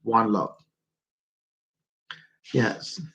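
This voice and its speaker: A man with a Jamaican accent, hosting a casual livestream and warmly greeting his viewers by name. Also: fairly low pitch, steady tone, drawn-out words, husky. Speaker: livestream host.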